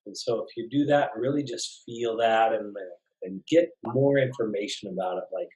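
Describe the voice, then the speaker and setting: A man teaching a somatic dialogue practice in a calm, gentle, explanatory way. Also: lowish voice, moderate pace, poor audio. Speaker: somatic facilitator. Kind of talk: guided teaching talk.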